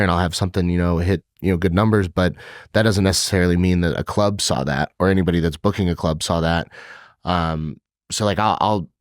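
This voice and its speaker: Comedian guy on a podcast, kinda low voice, dry close mic, swears a lot and laughs at his own stuff. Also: no room sound. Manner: animated storytelling, swears freely, laughs often. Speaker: stand-up comedian guest. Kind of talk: casual podcast chat.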